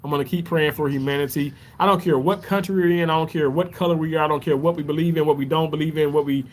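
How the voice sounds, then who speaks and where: A man's voice: fairly high pitch, steady tone, quick pace, a little hiss or hum. A man chatting on a live stream, rambling and heartfelt, thanking viewers again and again. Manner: rambling, heartfelt, repeats his thanks often. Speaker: livestreamer answering chat. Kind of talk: casual live stream chat.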